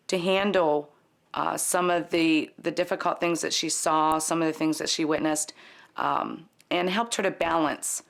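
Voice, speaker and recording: A mother speaks thoughtfully in an interview, pausing and restarting as she chooses her words. Her voice is somewhat low. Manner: reflective, hesitant.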